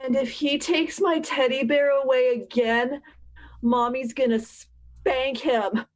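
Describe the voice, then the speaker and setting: A woman improvising comedy lines over a webcam call, pushing her voice high for comic characters. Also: steady tone, takes it slowly. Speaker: improv player. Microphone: webcam on a video call.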